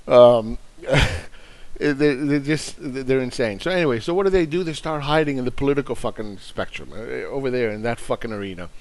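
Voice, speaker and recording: A man's voice: medium pitch, normal speed. A man hosting an investing channel, ranting in angry, sarcastic commentary that is full of profanity and mockery.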